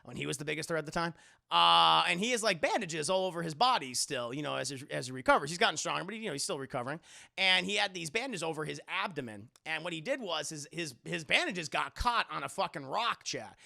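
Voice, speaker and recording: A man's voice: fairly high pitch, expressive, fast, vocal fry, bright, forceful tone. A young man streaming live, giving a rambling, profane, jokey recap of an anime episode and talking to his chat.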